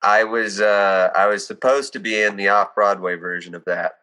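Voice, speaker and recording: A young man from the United States chats with a bright, forward tone and a slightly low voice. He tells animated stories, slipping into voices as he goes. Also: normal speed, clear, resonant tone. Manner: animated storyteller, acts out voices. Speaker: guest actor. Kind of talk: casual chat.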